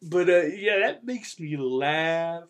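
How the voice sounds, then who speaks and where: A man hosting a casual podcast review, chatty and quick to laugh, sometimes breaking into loud silly impressions. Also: fairly high pitch, expressive, background noise. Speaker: podcast host reviewing an anime.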